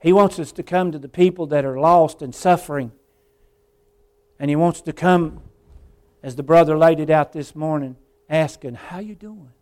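Male preacher with a fairly high voice; fervent evening sermon, drops to near-quiet then surges loud. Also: steady tone, moderate pace. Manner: fervent, swings between hushed and loud; addresses congregation as folks and brother.

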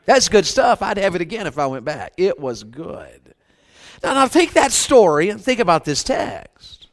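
During a revival sermon, a preacher with a high voice and big pitch swings tells comic stories at a moderate pace. His manner is folksy and conversational, and he keeps prompting the congregation for amens.

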